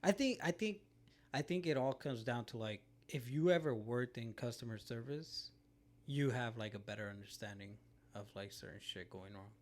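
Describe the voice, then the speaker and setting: A man's voice: medium pitch, animated, normal speed. Young male co-host, laid-back and rambling, casual profanity, filler-heavy chat.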